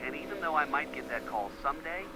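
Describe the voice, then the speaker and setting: An actor playing an earnest, rambling young boyfriend in a game, speaking sincerely on a phone call. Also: male voice, fairly high pitch, fast talker, background noise, lightly acted. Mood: earnest, tender. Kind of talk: voiced game dialogue.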